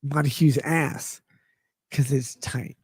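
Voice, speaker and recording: A man's voice: mid-range voice, fairly even intonation, takes it slowly, slightly rough, no echo. A man hosting a livestream, reading chat messages aloud and rambling in a profane, jokey way. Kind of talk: casual rambling stream chat.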